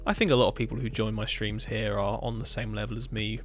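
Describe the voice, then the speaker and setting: A man streaming a building game, chatting casually and rambling with dark jokes. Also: fairly low pitch, little pitch movement, fast talker. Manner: rambling, joking, darkly humorous. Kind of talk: casual chat while gaming.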